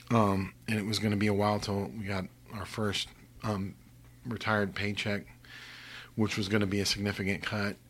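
Low, husky older man telling faith stories. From Missouri, US. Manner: earnest, drops to a hushed whisper for emphasis. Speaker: guest. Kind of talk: faith testimony storytelling.

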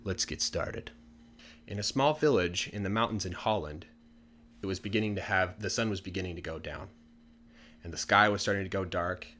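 A man casually telling a folk tale for English learners in a relaxed, chatty way with many fillers. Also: sits low, moderate pace. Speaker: storyteller.

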